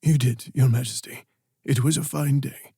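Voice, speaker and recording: Guy doing a patient polite advisor man, dark gravelly voice. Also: medium pitch, steady tone, moderate pace, no room sound, studio quality. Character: stout, patient male royal advisor. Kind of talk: audiobook character voice.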